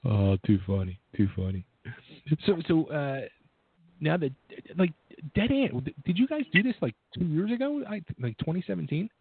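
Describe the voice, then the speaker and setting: A man with a South Philadelphia accent hosting a radio interview over a remote line, enthusiastic and quick to laugh. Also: a little high, very animated, slightly rough, no echo. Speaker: radio show host. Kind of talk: casual interview chat. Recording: tinny remote phone line, dry.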